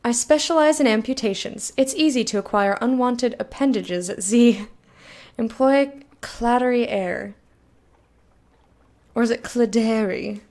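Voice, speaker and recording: A woman's voice: a little high, a little mellow. A woman streaming a game, reading its text aloud and chatting frankly with viewers, swearing freely. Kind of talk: casual let's-play chat, reading game text aloud.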